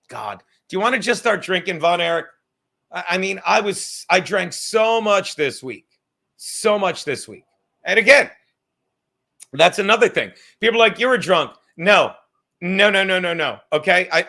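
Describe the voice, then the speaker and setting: A man's voice: sits high, gravelly, bright, forceful tone. A man hosting a live stream, ranting and swearing while he reads out chat messages and says he is drunk right now. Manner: profane, ranting, sarcastic, addresses chatters by name. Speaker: podcast host reading live chat. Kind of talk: rambling profane live-stream talk.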